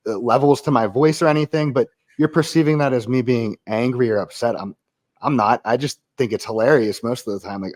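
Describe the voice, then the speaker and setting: A former Marine appears as a podcast guest, chatting casually in a medium-pitched male voice. He's blunt and profane, and he laughs easily.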